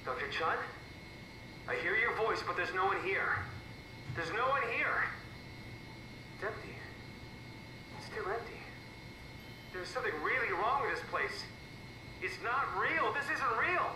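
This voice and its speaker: A man's voice: high-pitched, expressive, a little slow, long pauses. Terrified trapped man, pleading, repetitive, roomy distant game audio, ambient noise. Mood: panicked. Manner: panicked, repeating himself, pleading. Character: frightened man trapped in a simulation.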